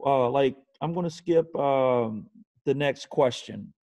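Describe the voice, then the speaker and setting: A man hosting an interview, thoughtful and measured, often restating his points. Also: medium pitch, a little mellow. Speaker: interview host. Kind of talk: casual interview conversation.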